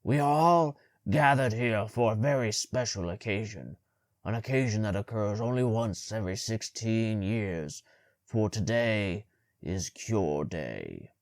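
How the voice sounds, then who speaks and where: A man voicing a short-tempered male ruler with a deep, gravelly, hoarse voice, booming and stumbling over words as he reads aloud. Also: expressive, moderate pace, few pauses, no echo, studio quality. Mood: booming, halting.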